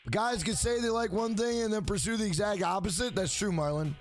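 A man's voice: high-pitched, fairly quick, soft background music. A man live-streaming a game, rambling through crude, profane stories and talking back to his chat by name. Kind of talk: casual chat while gaming on a live stream.

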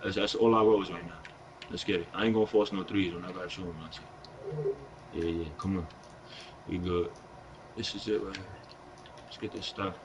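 A man's voice: sits low, fairly even intonation, moderate pace, long pauses, noisy background. A young man with a New York accent, live-streaming a basketball video game, talking in brash, profane trash talk with an aggressive edge. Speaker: gaming streamer.

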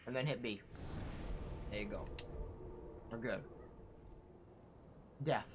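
A man's voice: medium pitch, takes it slowly, noisy background. A young man casually commentating a video game, bossily coaching and teasing the player while swearing a lot. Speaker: gaming channel host coaching a player. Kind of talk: casual let's-play commentary.

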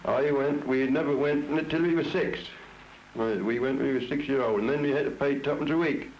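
A man's voice: mid-range voice, a little fast, darkish tone. A man in his seventies with a Norfolk accent, reminiscing bluntly in an interview at his home and often repeating himself. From Norfolk, England. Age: 70s. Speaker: interviewee, traditional folk singer. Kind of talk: plain reminiscing in conversation. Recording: dull lo-fi 1962 home tape with hiss.

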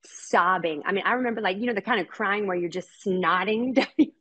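Mom in her middle years, husky, talks earnest and heartfelt, repeats words. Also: mid-range voice, brisk, fairly bright tone. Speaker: podcast guest, mother. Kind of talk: candid personal storytelling.

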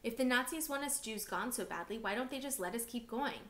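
A woman's voice: on the high side, expressive, a little fast, fairly bright tone, reverberant. A woman reading aloud voices a frightened teenage refugee boy. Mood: bitter. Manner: urgent, tense.

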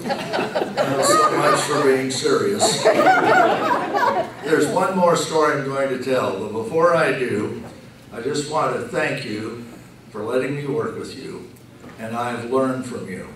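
A man giving a slow, joking farewell speech at a retirement reception, telling stories with punchlines. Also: mid-range voice, very animated, very noisy. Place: banquet room. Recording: echoey room from far off.

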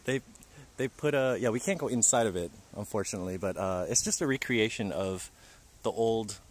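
Chatty low-voiced man streaming outdoors. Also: fairly quick. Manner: chatty, jokey, talks to viewers. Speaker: livestreamer. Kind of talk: casual livestream chat. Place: outdoors in a park forest.

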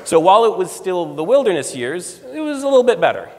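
A man in his forties from the United States, a guest speaker telling stories in a lively way and acting out the dialogue. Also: sits high, fast talker, slight background noise. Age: 40s. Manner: lively storyteller, acts out quoted dialogue. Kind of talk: storytelling talk. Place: lecture room. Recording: reverberant lecture hall.

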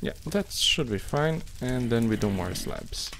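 A man giving casual gameplay commentary and muttering to himself in a slow, halting way while he plays. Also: mid-range voice, lively intonation, gravelly, fairly bright tone. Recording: noisy home recording with keyboard and mouse clicks.

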